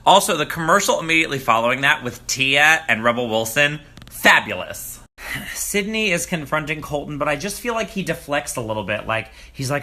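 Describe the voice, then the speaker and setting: A man giving a casual, gossipy recap of a reality dating show, sometimes jumping up high in pitch to mock the contestants. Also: moderate pace. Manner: animated, gossipy, swings into high mocking quotes. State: groggy morning voice. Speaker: recap vlogger. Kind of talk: casual commentary.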